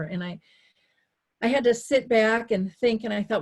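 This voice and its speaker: A woman, a dementia care advocate, telling a story as a guest in a conversational interview. She acts out her own quoted thoughts and moves between quick asides and slow, deliberate points. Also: fairly high pitch. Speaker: dementia care advocate and talk show host, here as a guest.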